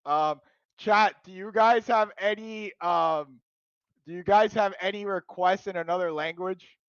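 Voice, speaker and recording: A man hosting a casual live stream, excitable, laughing loudly and filling pauses with ums. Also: high voice, clean tone, no room sound. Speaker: streamer host. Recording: dull lo-fi dry sound.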